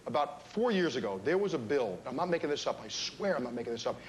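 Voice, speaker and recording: Animated New comedian. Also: male voice, medium pitch, quick pace, slight background noise. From New Jersey. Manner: animated, playful joke-telling. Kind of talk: stand-up comedy. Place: comedy stage.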